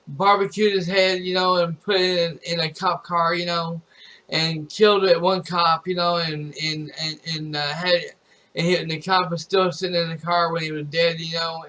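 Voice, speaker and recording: A man with a fairly high-pitched speaking voice recaps a movie scene by scene for his stream. He talks in loose, looping sentences, repeating himself and tossing in "you know" as he goes. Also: fairly bright tone. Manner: rambling retelling full of repeats and "you know". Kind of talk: casual spoken movie recap.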